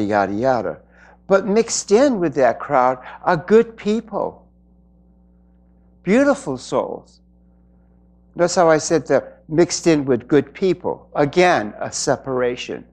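A man giving an inspirational spiritual talk to an audience, earnest and reflective, with pauses. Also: mid-range voice. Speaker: spiritual speaker.

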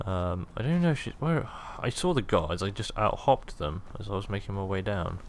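A young man gives loose, self-amused commentary as he plays through a fantasy game, hopping between jokes and asides. His voice sits on the low side, with a faint hiss in the recording. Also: a little fast. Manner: jokey, rambling, self-amused. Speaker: gaming video host. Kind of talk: casual gameplay commentary.

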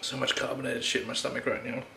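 A man's voice: medium pitch, flat delivery, fast talker, vocal fry, bright, forceful tone. A man reviewing a drink in a casual vlog, blunt and swearing, groaning and sighing, out of breath. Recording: echoey room, faint background noise.

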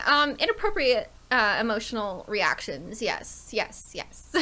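A woman hosting a let's play, chatting casually and thinking aloud, now and then dropping to soft asides. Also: a little high, sing-song, unhurried, few pauses. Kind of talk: casual gameplay commentary.

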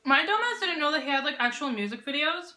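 A young woman with a bright, forceful voice and a slightly high pitch, reacting to a show in a casual vlog. She gushes, swears freely and laughs often, her excitement spilling over. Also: fast talker. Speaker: reaction video host.

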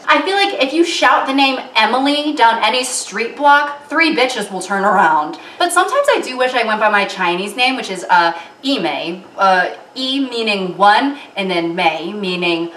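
A young woman vlogger cooks at the stove in her home kitchen, chatting casually, rambling and joking with many fillers. Her mid-range voice is a bit bright, picked up only by the distant camera mic with some hiss or hum. The sound is roomy and off-mic, with the sizzle of the stove audible.

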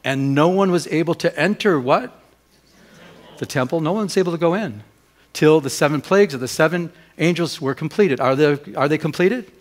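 A man preaching a sermon as pastor, putting questions to the congregation and moving between loud and hushed delivery. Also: a little high, normal speed. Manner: asks the congregation rhetorical questions. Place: church during a Sunday service.

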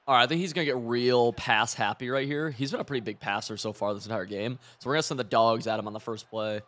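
Excitable young man narrating gameplay. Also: medium pitch, fast talker. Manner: excitable, chatty, swears and laughs often. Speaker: gaming streamer. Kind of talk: live gameplay commentary.

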